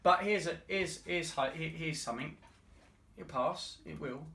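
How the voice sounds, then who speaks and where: A bright, forceful man talks earnestly in casual podcast chat and often stumbles and restarts his words. He sits back from the mic, and the room around him echoes. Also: on the high side, measured pace, creaky, recorded from a distance. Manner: earnest, many restarts and stammers. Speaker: podcast co-host. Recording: roomy, off-mic.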